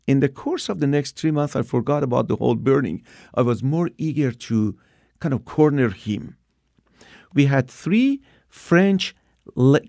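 Gravelly man in his sixties. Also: medium pitch, dry recording, clean studio sound. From Iran. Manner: animated retelling with acted-out quotes. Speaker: guest telling his testimony. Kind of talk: personal storytelling.

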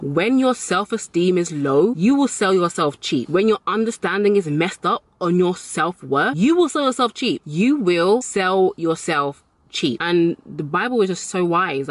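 A woman's voice: lowish voice, dry recording. A woman giving motivational dating advice to camera, emphatic and repeating key lines for effect, and acting out the voices in her stories. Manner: animated storyteller, acts out quoted voices.

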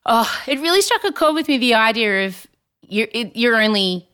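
A woman's voice: a little high, expressive, moderate pace, a bit bright, clear, resonant tone. A woman hosting a podcast in casual chat, talking animatedly and candidly, with self-deprecating humor. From Australia. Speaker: podcast host.

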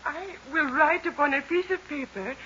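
A woman's voice: high-pitched, normal speed, bright, forceful tone, slight background noise. An actress playing a distraught young woman held captive, pleading and tearful. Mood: bargaining. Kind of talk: 1930s radio drama acting. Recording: muffled old radio recording.

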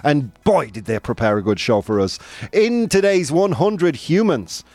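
Man, show host, animated pitch, dry close sound, faint music behind, playful chat. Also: measured pace, dry recording. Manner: playful, laughing, mixes in Spanish phrases. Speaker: host of a live daily show. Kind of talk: casual live show chat. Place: studio in Madrid.

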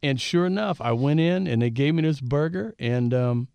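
A man's voice: fairly high pitch, moderate pace, gravelly, clean tone, no echo. A man in his fifties from Southern California, a guest telling stories in an interview and acting out what people said. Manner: animated storyteller who acts out quoted dialogue. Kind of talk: storytelling interview.

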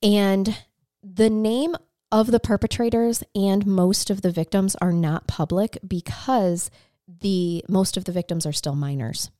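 A woman's voice: medium pitch, fairly even intonation, a little slow, mellow, no echo, studio quality. A young adult woman co-hosting a podcast, telling stories in a chatty, laughing way. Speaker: podcast co-host. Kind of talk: casual chat.

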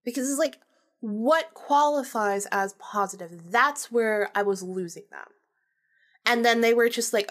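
Young woman, podcast host, breathy and chatty, laughs and swears freely. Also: fairly high pitch, measured pace, fairly bright tone. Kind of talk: casual storytelling.

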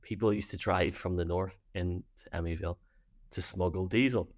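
A man's voice: low-pitched, steady tone, moderate pace. An Irish man co-hosting a casual chat show, reading out listener messages and laughing easily as he tells stories. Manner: chatty, laughs easily while telling stories.

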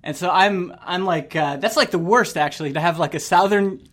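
A man's voice: high-pitched, normal speed, fairly bright tone. A Canadian man hosting a podcast, chatting loosely and laughing easily with his guest. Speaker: podcast host. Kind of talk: casual podcast conversation.

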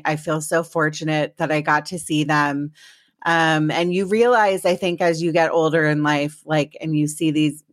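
A woman's voice: deep voice, fairly bright tone, no room sound, studio quality. A woman hosting a podcast, telling rambling personal stories in a casual chat before introducing her guest. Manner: chatty, rambling storytelling. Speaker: podcast host.

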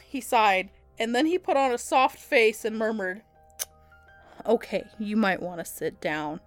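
A woman's voice: fairly high pitch, a little slow, soft background music. A young woman co-hosting a comedy podcast, reading fan fiction aloud and often breaking into laughter.

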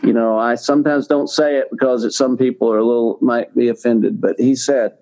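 A man's voice: medium pitch, steady tone, a little fast, dark tone. An older man, a guest in an interview, telling a personal story in a rambling way, repeating words and using many fillers. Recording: slightly dull lo-fi recording.

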